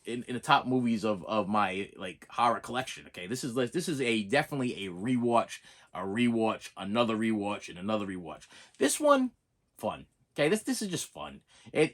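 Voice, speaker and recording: A man's voice: mid-range voice, fairly bright tone. A man casually reviewing horror movies on a vlog, rambling with many restarts and repeats, laughing often and checking in with "okay?".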